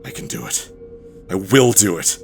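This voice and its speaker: Gloating robot overlord, as a man reads him out, low-voiced, theatrical, barely holding back glee. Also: big pitch swings, moderate pace, creaky, faint music behind, heavily acted. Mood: scheming. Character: gloating male robot villain scheming to rule. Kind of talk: reading game dialogue aloud.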